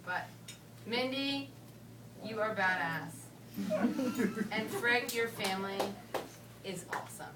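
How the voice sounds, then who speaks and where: A young woman from Connecticut giving a casual, joking rehearsal dinner toast, rambling with playful slang and quick asides. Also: mid-range voice, lively intonation, heavy background noise. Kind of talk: casual joking speech to a crowd. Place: dinner hall with guests. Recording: roomy hall from a distance, loud crowd.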